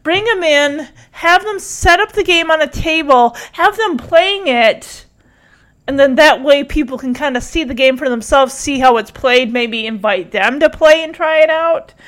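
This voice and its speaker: A woman's voice: unhurried, fairly bright tone. A woman giving casual, opinionated commentary while reacting to a TV episode. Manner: chatty, opinionated, drifting pitch with mimicry.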